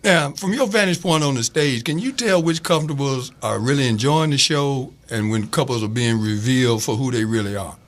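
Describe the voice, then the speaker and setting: A male co-host who sets up the host's stories with measured, even questions. He speaks at a middle pitch in a plain, steady way and lets the host carry the talk. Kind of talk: interview questions in a talk show.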